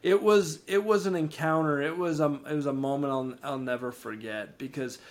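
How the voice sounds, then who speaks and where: A man, podcast co-host and ministry founder, telling a faith testimony with lively rises in energy and frequent word repeats. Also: normal speed. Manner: animated, rises in pitch and energy when excited; repeats words and restarts sentences. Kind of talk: storytelling testimony in an interview.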